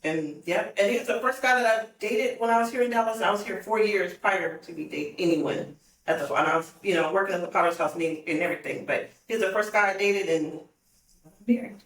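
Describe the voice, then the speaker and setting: A woman's voice: medium pitch, a little fast. Woman telling stories, laughing, roomy room. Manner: animated, laughs often while telling stories. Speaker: podcast guest. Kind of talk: casual storytelling. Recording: roomy, distant mic.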